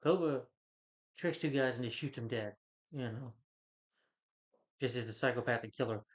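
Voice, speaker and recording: A man's voice: medium pitch, normal speed, dull audio. A man giving a rambling, casual movie review rant, retelling scenes and acting out the lines. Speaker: film reviewer.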